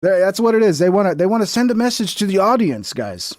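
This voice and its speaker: A man's voice: sits high, very animated, fast talker, dry recording, studio quality. A man streaming reaction commentary in a sarcastic, profane, mocking rant.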